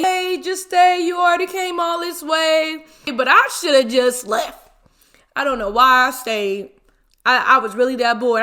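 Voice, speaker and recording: A woman in her twenties telling a story casually while eating, animated and full of slang and exclamations. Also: high-pitched. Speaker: mukbang vlogger.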